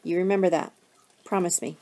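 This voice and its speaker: A woman voicing a gentle, caring foster mother who speaks reassuringly, reading from a novel. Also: lowish voice, steady tone, brisk, gravelly. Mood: tender.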